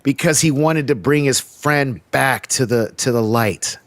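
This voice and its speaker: A man's voice: mid-range voice, measured pace, dry recording. A man hosting a casual review podcast, joking around and often restarting his sentences. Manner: joking, flustered, lots of restarts. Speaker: podcast host.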